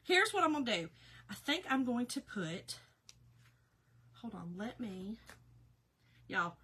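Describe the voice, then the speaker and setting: A woman in her fifties, a little hoarse, chatting casually with viewers by name during a crafting live stream. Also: mid-range voice, fairly bright tone. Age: 50s. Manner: chatty, talks to viewers by name, laughs often. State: slightly hoarse, recovering.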